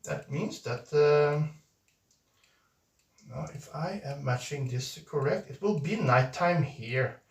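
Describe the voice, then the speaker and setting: A man's voice: fairly high pitch, expressive, takes it slowly. A man streaming live and chatting with viewers in a playful, hesitant way, full of fillers and restarts. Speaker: streamer reading viewer messages. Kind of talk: casual live-stream chat. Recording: roomy echo, distant mic.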